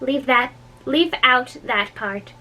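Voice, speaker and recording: A woman's voice: sits high, takes it slowly, pushed and bright, far from the mic, pitched above the performer's own voice, full character voice. A woman voicing a bullying, impatient old king in a read-aloud storybook, talking sharply and threateningly. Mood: angry, sharp.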